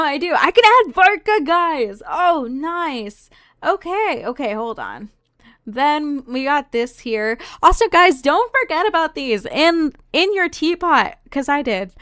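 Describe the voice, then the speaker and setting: Young woman from the American South, streamer doing casual gameplay commentary; higher-pitched, smooth clear voice, dry close sound, chatty and rambling. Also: a bit bright, no room sound. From Southern United States. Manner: chatty and rambling, often trailing off and restarting.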